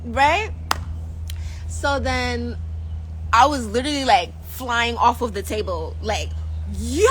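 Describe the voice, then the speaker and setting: A woman vlogger telling a casual storytime, animated and slangy, laughing often. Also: high-pitched, unhurried, slight background noise, rough recording.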